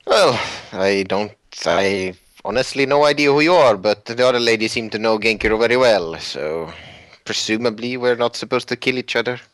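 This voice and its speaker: A man's voice: on the low side, moderate pace, few pauses, fairly bright tone, no room sound, low-quality recording. A man playing a tabletop role-playing game, speaking in dry, understated replies in character. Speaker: player.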